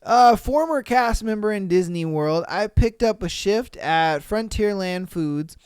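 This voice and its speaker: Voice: mid-range voice, lively intonation, a little slow, a little mellow, clean tone, no room sound, studio quality. A podcast host reading listener stories aloud and reacting with slangy, swearing, laugh-filled commentary.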